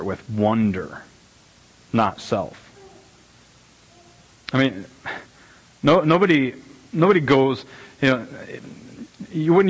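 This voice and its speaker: A middle-aged man preaching a casual, conversational sermon as pastor, animated and rambling, with many restarts and repeated words. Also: mid-range voice, husky, low-quality recording. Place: church sanctuary.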